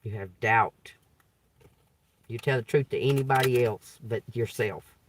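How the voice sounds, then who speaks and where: This tarot reader has a medium-pitched voice and a measured pace, with slight noise in the background. He reads from scripture during his livestream and then riffs on it loosely. He keeps asking "okay?" while preaching emphatically, with swearing and laughter mixed in.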